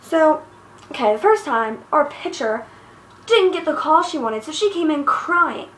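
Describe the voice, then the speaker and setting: A teenage girl rants with profane exasperation in a bright, high voice. She rambles from point to point, recorded on a handheld device's built-in mic in an echoey room. A faint hiss sits under her voice. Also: animated, a little slow. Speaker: vlogger. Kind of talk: angry personal rant. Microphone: iPod built-in mic.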